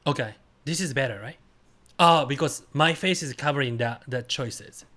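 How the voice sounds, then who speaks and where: A male streamer chatting casually while playing a guessing game, speaking in halting, simple phrases with bursts of excited cheering. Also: mid-range voice.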